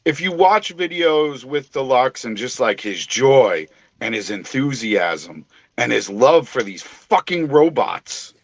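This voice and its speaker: A man with a New England accent chats casually on a livestream, cursing and joking. His pitch rises and falls a lot. His voice sits mid-high for a man. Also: takes it slowly, dry recording. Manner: profane, joking, animated.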